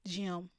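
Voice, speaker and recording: A woman's voice: no echo, studio quality. A woman hosting a reaction video, talking emphatically to her viewers and laughing often. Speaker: reaction channel host. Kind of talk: reaction commentary.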